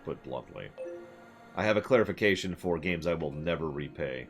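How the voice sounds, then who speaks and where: A man with a deep voice talks his way through a video game for his stream, rambling and sarcastic. His pitch jumps around a lot. Game music plays clearly behind him. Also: lively intonation, normal speed. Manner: rambling, sarcastic, laughs and reads out game lines. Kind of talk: casual gameplay commentary chatting with viewers.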